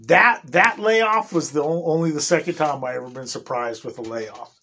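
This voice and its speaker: A man's voice: fairly high pitch, moderate pace, bright, forceful tone, husky. A man in his forties, a union electrician, telling a rambling work story in casual chat, swearing constantly.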